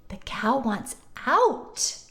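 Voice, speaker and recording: A woman speech therapist talks to toddlers in a very high, bouncy voice that leaps all over the place. She stretches every word out slowly, sing-song and exaggerated, and faint music plays behind her. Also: very animated, fairly bright tone. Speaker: speech-language pathologist teaching toddlers. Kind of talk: children's educational video.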